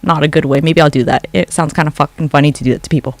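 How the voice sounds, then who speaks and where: This mid-range voice races along with fairly even intonation. It's a livestreamer's casual late-night chat from home into a phone, full of rambling, free swearing and answers to chat comments.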